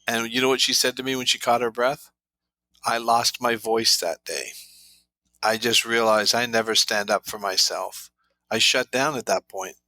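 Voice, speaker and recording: A man's voice: medium pitch, normal speed, bright, forceful tone, no room sound, rough recording. A man guest on an interview show, an author who tells anecdotes full of quoted dialogue. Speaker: guest, trauma therapy author. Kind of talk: storytelling interview talk.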